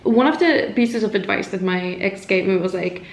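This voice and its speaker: A woman's voice: mid-range voice, lively intonation, normal speed. Rambling woman from Estonia in a roomy room. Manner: rambling, filler-heavy, with frequent "like" and restarts. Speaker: lifestyle vlogger. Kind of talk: casual chat to camera. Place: at home indoors, with her cat nearby.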